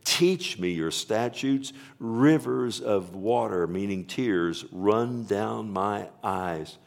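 A man's voice: lowish voice, creaky. A man preaching a sermon to a congregation. He stresses scripture and calls out "Amen?" to the listeners. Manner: preaching with rising emphasis, slowing to stress scripture. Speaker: pastor.

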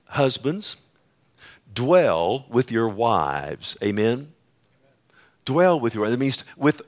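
A man preaching from the pulpit in a church with a voice of ordinary middle pitch. He drops to hushed, near-whispered lines, then climbs into loud, pleading outbursts. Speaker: pastor. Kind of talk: sermon. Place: church sanctuary.

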